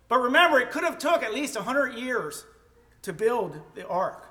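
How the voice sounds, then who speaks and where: High, bright-voiced preacher man. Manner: slow, emphatic storytelling with rhetorical questions. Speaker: pastor. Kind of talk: sermon. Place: church sanctuary.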